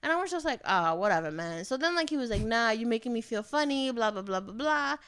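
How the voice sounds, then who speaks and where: A woman's voice: fairly high pitch, lively intonation, a little fast, a bit bright, clean tone. A young adult woman co-hosting a podcast, telling a candid story in casual chat and acting out the quotes. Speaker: podcast co-host.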